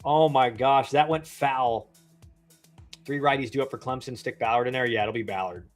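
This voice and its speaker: A man's voice: mid-range voice, fairly even intonation, normal speed, faint music behind. A man in his thirties, a former pro ballplayer, casually commenting on a live game, chatty and rambling with slangy asides. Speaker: livestream baseball commentator, former pro player.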